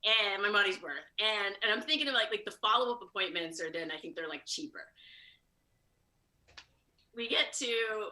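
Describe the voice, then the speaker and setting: A woman comedian from Chicago telling a story at a fast, high-energy clip, acting out the quoted lines. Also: expressive, bright, forceful tone, poor audio. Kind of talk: live storytelling monologue.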